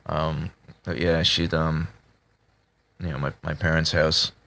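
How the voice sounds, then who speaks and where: A man talking casually to his subscribers, halting with many fillers and restarts, in a flat tone that can sound annoyed. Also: a bass voice, creaky. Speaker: video creator talking to subscribers. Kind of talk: casual confessional talk to camera.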